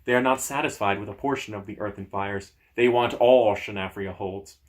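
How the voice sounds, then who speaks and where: A man voicing an ancient elemental guardian made of living ice, speaking slowly and quietly in a grave tone. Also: on the low side, close to an everyday voice. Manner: slow, hushed, solemn.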